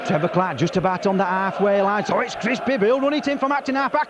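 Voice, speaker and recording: A hoarse man calls a rugby league match from an outdoor ground, voice pushed very high with excitement. He rattles off player names in a partisan rush. Clear background noise runs under the broadcast. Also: fast talker, few pauses, muffled recording. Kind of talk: live match commentary.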